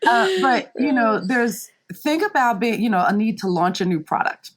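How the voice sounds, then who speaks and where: Animated woman telling a work story. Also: fairly high pitch, normal speed. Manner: animated, acts out quotes in raised voices; emphatic, frequent "right?" and "you know". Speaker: podcast guest, marketing leader. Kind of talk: candid conversational storytelling.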